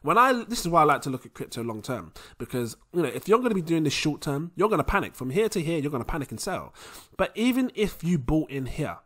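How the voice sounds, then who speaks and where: A young man hosting a casual crypto vlog, animated and laughing often. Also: a little high, quick pace. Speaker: crypto video host.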